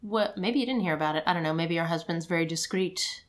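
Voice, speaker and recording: A woman in her thirties chatting casually as a podcast co-host, animated, slipping into a squeaky toddler voice when quoting. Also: fast talker. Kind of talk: casual chat.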